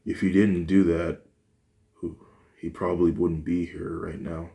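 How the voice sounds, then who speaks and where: A man voicing a gentle mother who softly soothes her son, in a fan-made storybook reading, in his own deep voice. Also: flat delivery, measured pace, creaky. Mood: soothing. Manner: soft and soothing.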